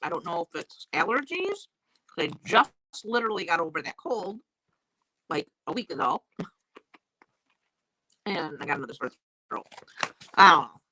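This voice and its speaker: A woman with a fairly low, sing-song voice and a sore, crackly throat hosts a live-streamed stamping class, chatting casually and greeting viewers by name. She talks at a moderate pace with frequent pauses, her tone pushed and bright. The new desk mic gives a dry recording.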